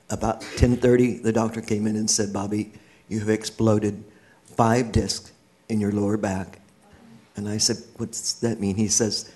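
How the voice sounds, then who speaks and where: A man's voice: fairly low pitch, a little mellow. A middle-aged man, a guest in an interview, telling his own life story with earnest feeling and a laugh now and then. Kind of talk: personal testimony in church.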